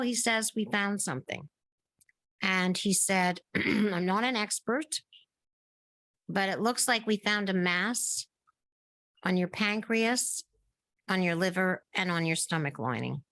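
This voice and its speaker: A middle-aged woman appears as a guest on a podcast and tells a long personal story in a casual interview setting, acting out the conversations she remembers as she narrates at length. Her voice is lowish, and there's no room sound.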